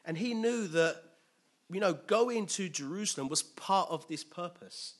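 A man preaching a sermon with animated, emphatic delivery and call-and-response. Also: high-pitched, unhurried.

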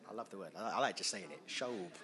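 A man preaching a conversational sermon in a chatty, lively way, full of fillers and repeated words. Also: deep voice, rapid-fire.

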